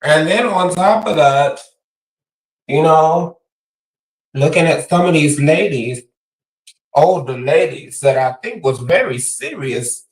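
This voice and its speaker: A man rambles in a laid-back way as a guest on a casual live stream. His voice sits a little high and sounds far from the mic in an echoey room. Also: lively intonation, slow pace, long pauses.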